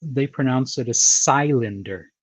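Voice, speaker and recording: At normal speed and with no room sound, a medium-pitched American man hosts a podcast interview. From Baltimore, he has a slight New York tinge to his accent and chats in a rambling, casual way, frequently repeating himself and starting over.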